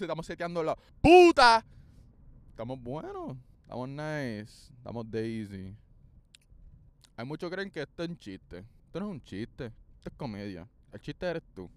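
A young man hosting a casual solo podcast. He is playful and profane, mixing English and Spanish, and swings from hyped outbursts to low mutters. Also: clean tone, dry recording. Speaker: podcast host.

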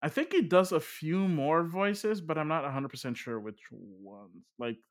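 A man chatting casually about games and films, lively and full of fillers, his voice jumping up when he gets excited. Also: on the high side, measured pace. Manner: animated, filler-heavy, voice jumps up when excited.

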